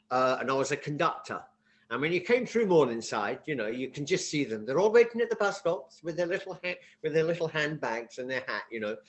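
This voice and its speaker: A man in his sixties, from London, chatting bluntly and telling stories on a political talk panel. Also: on the high side. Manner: animated storyteller, blunt and colloquial. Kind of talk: casual political chat.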